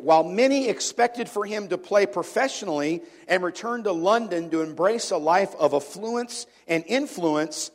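High-voiced man preaching conversationally. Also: lively intonation, normal speed, hardly any pauses. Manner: conversational, asks the congregation questions, repeats words. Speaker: pastor. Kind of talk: sermon. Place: church before a congregation.

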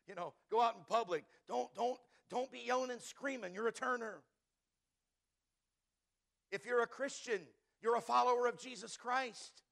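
A man's voice: very high voice, normal speed, gravelly, a bit bright. A male pastor preaching a sermon, emphatic and repeating key words for stress, calling on the congregation to answer back.

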